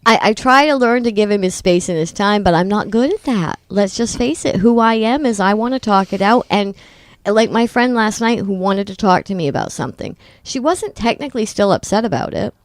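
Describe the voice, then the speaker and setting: A middle-aged woman co-hosting a talk show, telling personal stories in a candid, self-deprecating way with quick restarts. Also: mid-range voice, animated. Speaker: podcast co-host. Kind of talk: casual chat.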